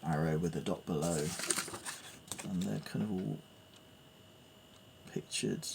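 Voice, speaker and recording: Slow gravelly-voiced man. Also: sits low, background noise. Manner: hesitant, reads notes aloud and muses with fillers. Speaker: piano learner. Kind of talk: thinking aloud while studying music theory.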